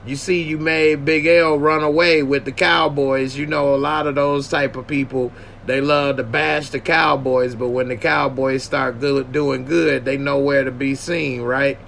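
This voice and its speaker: Gravelly joking podcast host, man. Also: medium pitch, flat delivery, measured pace, a bit bright, a little hiss or hum. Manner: joking, slangy, thanks viewers. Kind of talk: casual livestream chat.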